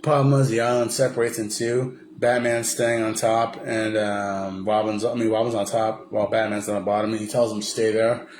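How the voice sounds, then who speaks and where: A man with a lowish voice recapping a movie in a loose, casual way. He rambles, restarts sentences and leans on filler words, with a faint hiss of noise behind him. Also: level tone, normal speed, hardly any pauses, a little mellow. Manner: rambling, many fillers and restarts, slips into impressions. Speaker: vlogger.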